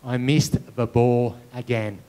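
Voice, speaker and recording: A man's voice: mid-range voice, little pitch movement, slow, warm tone, clear, resonant tone. A man giving a storytelling keynote speech, acting out dialogue and sound effects as he goes. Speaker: keynote speaker. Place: conference hall with audience.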